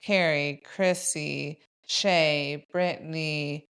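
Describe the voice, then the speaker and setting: A woman with a somewhat low voice chats on a podcast in a relaxed, conversational way. She tells stories with energy and acts out what people said, filling her speech with "like.". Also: drawn-out words. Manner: animated storyteller, acts out quoted lines, says "like" a lot. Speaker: podcast co-host. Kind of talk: casual chat.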